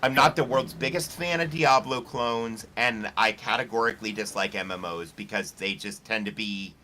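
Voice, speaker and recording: A man's voice: on the low side, moderate pace, pushed and bright, a little hiss or hum. A man on a casual voice chat, giving blunt, profane, confident advice about streaming.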